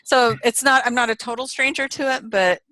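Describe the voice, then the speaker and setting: A woman's voice: a little high, a little fast, bright, forceful tone, no room sound. A woman guest in an interview, telling a story casually, retelling quoted voices with animation and laughter.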